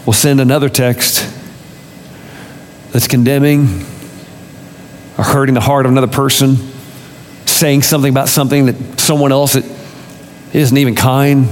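Impassioned pastor in an echoing hall. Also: male voice, medium pitch, a little hiss or hum. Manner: impassioned, building to emphatic rising peaks. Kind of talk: sermon.

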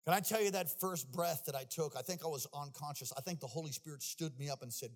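High-voiced, animated male preacher. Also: fast talker, hardly any pauses. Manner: animated storytelling, building to shouts. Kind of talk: sermon.

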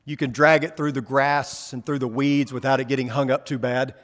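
A man's voice: mid-range voice, steady tone, a little fast, fairly bright tone, big-room sound. A man preaching a sermon in a conversational way, asking the congregation rhetorical questions as he reads scripture. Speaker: pastor.

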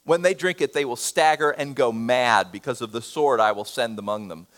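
A male pastor preaching a sermon, swinging from loud, emphatic bursts to hushed, almost whispered lines. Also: medium pitch, moderate pace.

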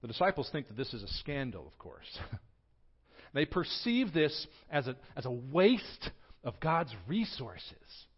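Expressive man preaching a sermon. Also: mid-range voice, a little slow, slightly rough. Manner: expressive preaching, swings from quiet to loud. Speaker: pastor. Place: church sanctuary. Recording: dull lo-fi sound.

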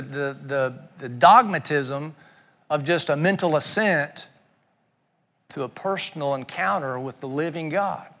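Male guest preacher, earnest, restarts phrases, voice slightly high, hall reverb. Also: a bit bright. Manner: earnest, repeats words while searching for phrasing. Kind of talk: sermon.

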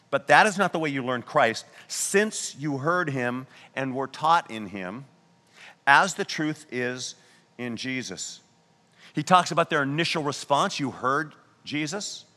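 A man preaching a sermon as pastor, telling a story and slowing down to stress key words. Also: medium pitch, bright, forceful tone, long reverb tail. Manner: earnest storytelling preaching, slows down for emphasis.

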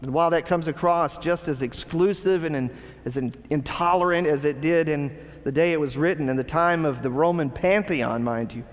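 A man's voice: fairly high pitch, long reverb tail. A man preaching a sermon as pastor, earnest and addressing the congregation with rhetorical questions.

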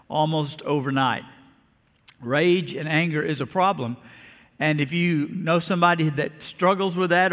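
An older pastor raised in Lower Alabama preaches a sermon in a folksy, storytelling style, acting out the voices of the people in his tales. His voice is fairly high and a bit bright, and a long hall reverb trails every word.

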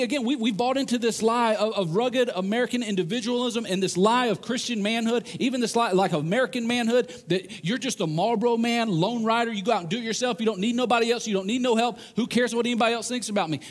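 A man with a high, light voice preaches an earnest sermon to a room of men. He is animated and acts out the voices he quotes. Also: fast, few pauses. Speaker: pastor.

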